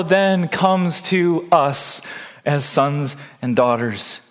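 A man preaching a sermon in a slow, deliberate way, building to impassioned, near-shouted passages. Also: on the high side, big-room sound. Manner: slow, deliberate delivery with long pauses. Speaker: pastor.

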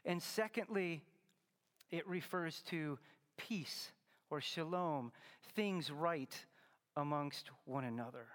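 A man's voice: fairly high pitch, slow pace, a bit bright. Man preaching a sermon in a reverberant hall. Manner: earnest, teaching, rising to emphatic stresses. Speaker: pastor.

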